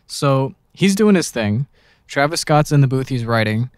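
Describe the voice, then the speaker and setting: A man hosting a casual podcast, telling anecdotes in a lively, animated way. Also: medium pitch, normal speed, no echo, clean studio sound. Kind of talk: casual podcast chat, storytelling.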